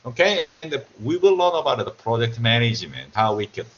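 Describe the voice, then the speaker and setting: A man with a Korean accent, a native Korean speaker, giving a remote university lecture in a joking, animated way and often repeating himself. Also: mid-range voice, brisk, dull audio, slight background noise.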